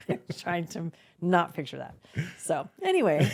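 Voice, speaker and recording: Lively woman telling a story with voices. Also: lowish voice, slow. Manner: lively storyteller who acts out voices and swears freely. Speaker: podcast co-host. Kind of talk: casual podcast chat.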